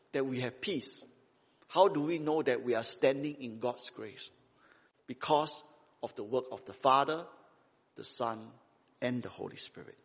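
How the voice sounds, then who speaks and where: A man's voice: fairly high pitch, slightly rough. A man preaching a sermon in a conversational, emphatic way, full of rhetorical questions and tag questions. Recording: dull sound with long hall reverb.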